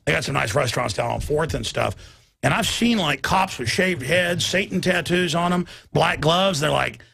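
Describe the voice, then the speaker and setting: A man's voice: fairly high pitch, moderate pace, gravelly, pushed and bright. A middle-aged man hosting a talk show, ranting emphatically with frequent stammers and restarts. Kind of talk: heated talk-radio conversation.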